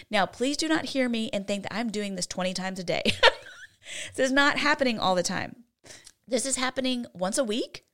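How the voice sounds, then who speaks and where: A woman's voice: mid-range voice, gravelly, fairly bright tone. A woman co-hosting a faith-based parenting talk, teaching in an earnest way and often checking in with "right?". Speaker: co-host.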